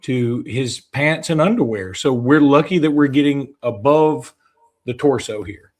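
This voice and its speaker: A man's voice: medium pitch, a little slow. A man from Alabama with a Southern American accent, co-hosting a casual sports talk show in a chatty, self-deprecating way. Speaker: co-host.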